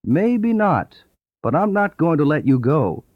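A man's voice: a little high, sing-song, a little slow, no room sound, voice pushed up. A man voicing a stern, unforgiving chicken farmer in a storybook reading, in a firm, lecturing way. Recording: dull lo-fi audio.

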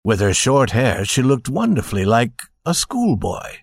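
A man narrating a story slowly and gently, addressing listeners as dear friends. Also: mid-range voice, huge pitch swings, vocal fry, slightly rough, dry recording, studio quality.

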